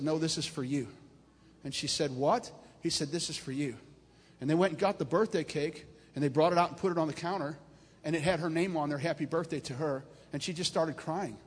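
High-voiced preacher in an echoing hall. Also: male voice, breathy edge. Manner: animated preaching, rising and loud at climaxes. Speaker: pastor. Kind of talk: storytelling sermon. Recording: long hall reverb.

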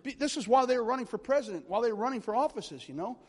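Very high-pitched and breathy, this preacher races along at great speed. He spins animated, wandering stories in a charismatic sermon and keeps engaging the congregation, all under long hall reverb.

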